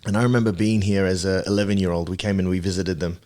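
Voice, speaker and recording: A man in his thirties from Papua New Guinea, chatting as a podcast guest. His voice sits fairly low, and he tells his story in a reflective, meandering way, pausing on ums and restarting his sentences. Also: steady tone, darkish tone. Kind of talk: casual interview chat.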